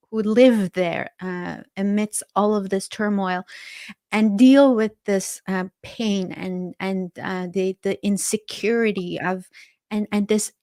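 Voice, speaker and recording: A woman's voice: medium pitch, darkish tone. A woman from Iran hosting an interview, speaking in a mid-range voice. She asks her questions earnestly and from the heart. Her recording sounds dry, with no room echo. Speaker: host. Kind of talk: conversational interview.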